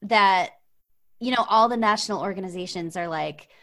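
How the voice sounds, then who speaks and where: A woman hosting a podcast, asking follow-up questions in a relaxed, conversational way and often murmuring agreement. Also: medium pitch, normal speed. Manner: conversational, supportive back-channeling. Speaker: podcast host. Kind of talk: casual interview.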